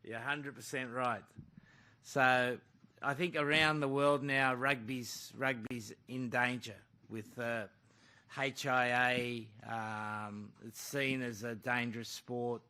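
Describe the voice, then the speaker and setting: Man, rugby coach, blunt press conference answers, bright forceful voice, says mate a lot. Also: medium pitch, fairly even intonation, slow pace, smooth. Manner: blunt, calls the questioner mate.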